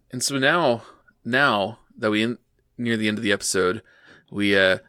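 Bright-voiced man retelling a plot. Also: fairly low pitch, unhurried, no room sound, studio quality. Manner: steady plot retelling with "uh" and "um" fillers. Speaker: podcast co-host. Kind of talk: casual anime recap narration.

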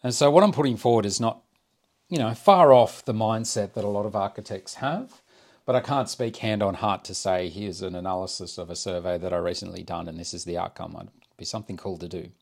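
A middle-aged man, an architect hosting a solo podcast and talking in a measured, reflective way as he thinks aloud into a close microphone. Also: low voice, vocal fry. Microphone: close desk microphone.

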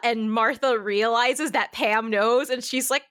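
A woman's voice: a little high, steady tone, slow, fairly bright tone, smooth. A woman co-hosting a podcast, chattily recapping a book's plot and gushing over its sweet moments. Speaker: podcast co-host. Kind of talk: casual book-club chat.

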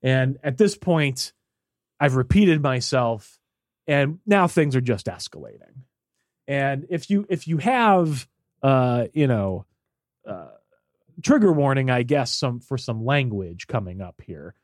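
Man, podcast co-host, casual storytelling, lively swooping pitch, dry close sound. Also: slow, dry recording. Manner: animated, acts out voices in quotes.

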